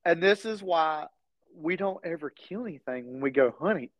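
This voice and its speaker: A man chats on a podcast, laughing through his stories. His voice sits a bit high and swings widely in pitch. The sound is dull and lo-fi, close and dry. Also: moderate pace, no echo. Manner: laughing, animated storyteller. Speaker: podcast co-host. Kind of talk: casual storytelling chat.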